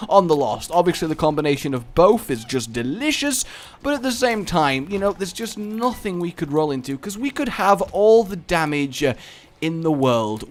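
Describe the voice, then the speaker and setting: A young man commenting on his own gameplay in a rambling, mock-dramatic, theatrical way. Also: on the high side. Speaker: gaming commentator.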